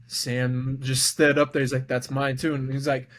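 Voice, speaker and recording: A young man co-hosting a podcast, telling a story in casual chat and acting out the quotes with lively jumps in his voice. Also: mid-range voice, normal speed. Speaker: podcast co-host.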